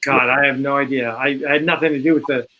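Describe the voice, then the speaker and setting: A man's voice: medium pitch, fairly even intonation, quick pace, muffled recording. A man from the New York area, hosting a casual podcast chat with rambling, self-correcting answers. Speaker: host.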